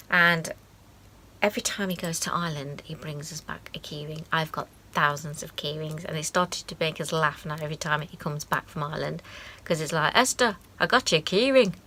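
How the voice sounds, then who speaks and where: A woman in her forties from the UK talks through her keepsakes in a chatty, sentimental way. Her low voice has a gravelly texture and a bright edge, with a faint hiss in the background. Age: 40s. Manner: chatty and sentimental, with soft asides. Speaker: craft vlogger. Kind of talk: casual show-and-tell.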